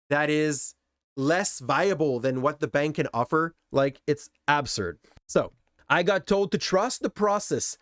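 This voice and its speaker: Animated man venting. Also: on the high side, no room sound, clean studio sound. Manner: candid, exasperated storytelling. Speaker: content creator. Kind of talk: personal story vlog.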